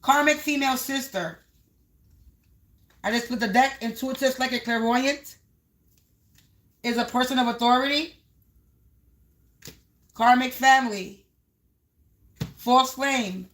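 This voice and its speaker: Female tarot reader on a livestream; high-pitched, bright tone, repetitive rhyming delivery aimed at the collective. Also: takes it slowly, long pauses. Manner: repetitive, half-rhyming, talks to the viewers as the collective.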